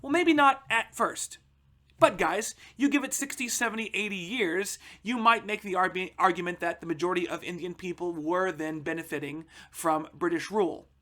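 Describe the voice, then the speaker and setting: A man's voice: fairly quick, few pauses, a bit bright. A man teaching a history lesson to students in a conversational way, often calling them guys and checking in with "all right?", and lifting his voice to stress key points. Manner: emphatic, lifts pitch and volume to stress key points. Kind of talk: recorded history lecture for students.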